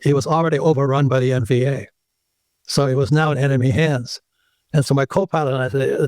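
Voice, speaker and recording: A man's voice: mid-range voice, fairly quick, no room sound. An older man, an interview guest, telling a long anecdote in casual conversation and acting out the people in it. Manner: animated anecdote teller who acts out the people in his stories.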